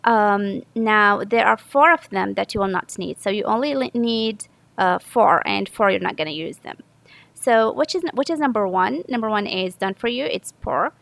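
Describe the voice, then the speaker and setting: With lively intonation at a normal speed, a Saudi woman teacher explains English grammar patiently and step by step, often correcting herself. Her medium-pitched voice is gravelly and a bit bright, and the rough recording has no room sound.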